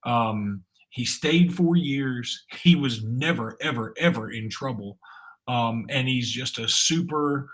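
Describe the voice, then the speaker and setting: A man's voice: medium pitch, takes it slowly, fairly bright tone. A man co-hosting a sports podcast, talking casually and rambling with frequent restarts and filler words. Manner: chatty, rambling with repeated restarts. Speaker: podcast co-host.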